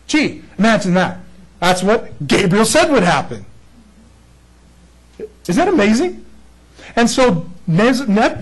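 Male preacher, high husky voice, animated sermon, jokey asides. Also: low-quality recording. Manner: animated, jokey, acts out quoted figures.

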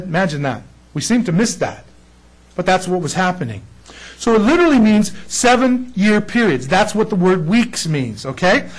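High-voiced excitable middle-aged preacher man. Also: poor audio. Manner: excitable, checks in with listeners. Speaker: Bible teacher. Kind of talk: sermon teaching.

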